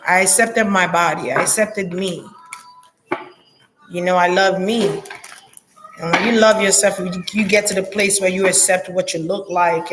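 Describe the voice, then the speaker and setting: Blunt, animated woman vlogger. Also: noisy background. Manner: blunt and profane, animated, talks straight to viewers; lively pitch jumps, laughs often. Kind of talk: casual opinion monologue.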